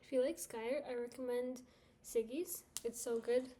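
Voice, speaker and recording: A woman's voice: on the high side, steady tone, a little slow, mellow. A woman livestreamer chatting casually with her viewers, rambling and laughing often.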